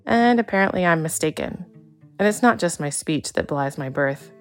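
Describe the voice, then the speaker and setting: A woman from Texas with a slight Texan accent narrates a feature in a lowish voice. Her telling is scripted, personal and reflective, with faint music under it. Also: lively intonation, normal speed. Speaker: reporter and narrator.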